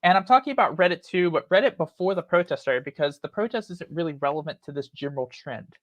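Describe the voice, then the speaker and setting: A man's voice: on the high side, lively intonation, fast, a bit bright, no room sound, highs cut off. A rambling, chatty man hosting a casual talk stream, laughing often. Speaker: host. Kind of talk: casual chat.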